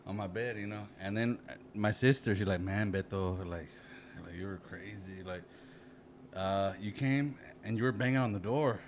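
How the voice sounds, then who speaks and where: A man's voice: lowish voice, moderate pace, slight background noise. A man co-hosting a podcast, telling a drunken story in casual chat, rambling and profane, full of "you know" and restarts. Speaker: podcast co-host.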